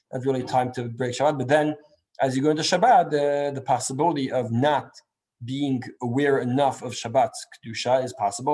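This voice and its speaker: A man teaching a Torah class in a slightly high voice. He works through ideas out loud, restarting sentences and checking in with "right?" as he goes. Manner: thinks aloud with restarts, often asks "right?".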